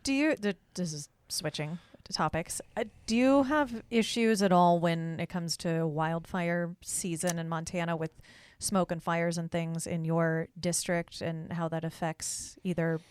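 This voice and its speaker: A woman's voice: fairly low pitch, fairly even intonation, a little slow, few pauses, darkish tone, clean tone, dry recording. Woman co-host asking questions. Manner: friendly questioner, frequent backchannel. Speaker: podcast co-host. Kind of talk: casual interview chat.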